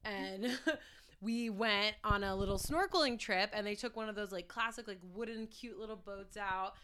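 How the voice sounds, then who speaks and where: Bright, animated woman telling stories. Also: medium pitch, normal speed, clear, resonant tone. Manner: animated storyteller, swears freely. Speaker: podcast co-host. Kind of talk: casual chat.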